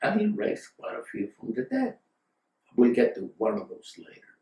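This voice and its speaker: A man's voice: medium pitch, wildly swooping pitch, normal speed, mellow. A man casually telling a long story in a rambling, digressive way, with fillers and side remarks, recorded from a distant mic in a roomy space. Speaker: storyteller, guest.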